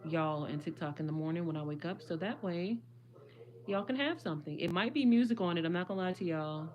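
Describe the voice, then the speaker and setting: Chatty woman live-streaming, slightly hoarse. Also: on the low side, fairly quick, a little mellow, slight background noise. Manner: chatty, addresses viewers as y'all. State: losing her voice a little. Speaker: livestream host. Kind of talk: casual livestream chat.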